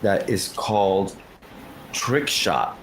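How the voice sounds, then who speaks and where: Slow-talking man at the game table. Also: on the low side, lively intonation, a little hiss or hum, low-quality recording. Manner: hesitant, self-correcting. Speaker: player. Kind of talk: casual game-table talk.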